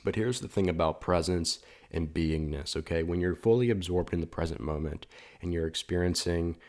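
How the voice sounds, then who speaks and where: Deep-voiced man, earnest spiritual talk. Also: normal speed, a little mellow. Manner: earnest, heartfelt, repeats words often. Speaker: spiritual coach.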